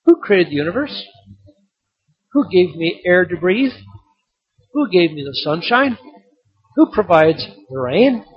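A man in his sixties preaching with rhetorical questions and emphatic rising peaks. His voice sits high for a man and has a husky edge. The recording is slightly dull and lo-fi. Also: sing-song, measured pace, long pauses. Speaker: pastor. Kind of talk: sermon.

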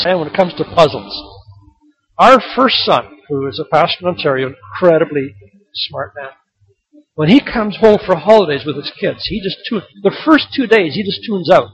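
A man's voice: fairly high pitch, animated, moderate pace, rough recording. A man in his sixties preaching a sermon, firing rhetorical questions and building to emphatic peaks. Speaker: pastor.

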